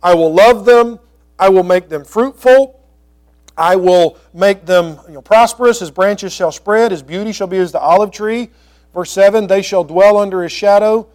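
Reading ancient scripture slowly and verse by verse, this male pastor breaks in with brisk, chatty explanations. His voice is high, with a somewhat dark tone.

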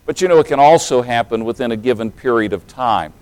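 A man's voice: medium pitch, quick pace, few pauses, a little mellow, dry recording, poor audio. A man around forty from East Tennessee with a general American accent, preaching a sermon in a folksy, humorous way that builds into emphatic preaching. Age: late 30s to early 40s.

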